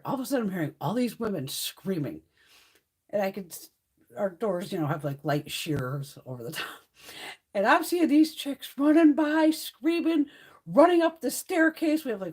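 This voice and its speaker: A woman's voice: mid-range voice, very animated, moderate pace, a little mellow, breathy edge. A woman hosting a casual livestream chat, swearing freely and laughing through her stories. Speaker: livestream host.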